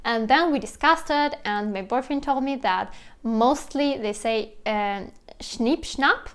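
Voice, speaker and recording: Russian-accented woman, lively teaching voice. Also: fairly high pitch, unhurried, clean tone. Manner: lively, imitates animal and object sounds. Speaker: language teacher vlogger. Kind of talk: casual explainer vlog.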